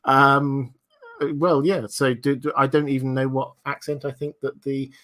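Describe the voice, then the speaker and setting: A man's voice: mid-range voice, little pitch movement, a little slow, a bit bright. A man hosting a casual livestream chat, musing aloud with many restarts and fillers. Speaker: livestream host.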